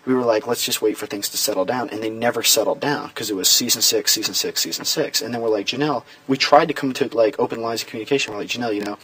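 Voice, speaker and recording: A man's voice: mid-range voice, fairly bright tone, husky. A man acting as a reality show houseguest, rambling through private strategy talk and quoting others as he goes. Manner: rambling, fast, quotes others in reported speech. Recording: distant, dry room mic.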